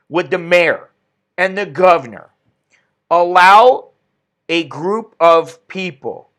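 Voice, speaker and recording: Man, ranting commentary host, indignant, fairly high voice. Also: animated, slow pace, pauses often, a bit bright. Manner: ranting, indignant, reads chat aloud. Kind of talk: opinionated live-stream commentary.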